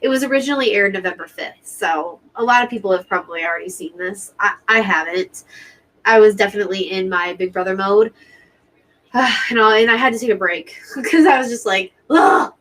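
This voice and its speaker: A woman's voice: mid-range voice, brisk, fairly bright tone, rough recording. A woman hosting a live stream watch party, chatting to her viewers in an emotional, talkative way. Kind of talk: casual live commentary to viewers.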